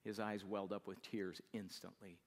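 A low-pitched man recounts a deeply personal story, his voice carrying a long hall reverb. He speaks quietly and slowly, dropping to a hush at the tender moments. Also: little pitch movement. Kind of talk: emotional personal testimony.

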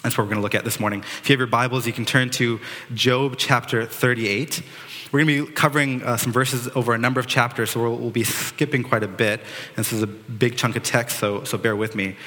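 Guy giving a sermon, bright sharp voice, echoey hall sound. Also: mid-range voice, steady tone, fairly quick. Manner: earnest preaching with dramatic quotes and restarts. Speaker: pastor. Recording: reverberant hall.

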